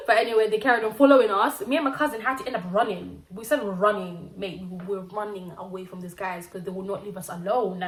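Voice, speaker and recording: A young woman from Zimbabwe, telling a casual storytime vlog in an animated, slangy way with acted-out quotes. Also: mid-range voice, brisk, hardly any pauses. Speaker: vlogger. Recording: roomy echo.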